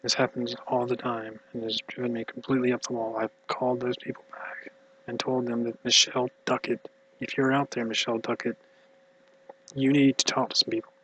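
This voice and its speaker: Tired, mumbly man with flat delivery. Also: mid-range voice, slight background noise, rough recording. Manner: halting, hushed, drifting into whispers. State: exhausted. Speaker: vlogger. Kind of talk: rambling personal monologue.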